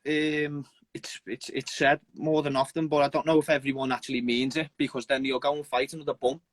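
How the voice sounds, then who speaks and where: Young man, amateur fighter guest, earnest, halting, casual swearing, dry close mic. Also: a little high, flat delivery, no room sound. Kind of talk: casual interview chat.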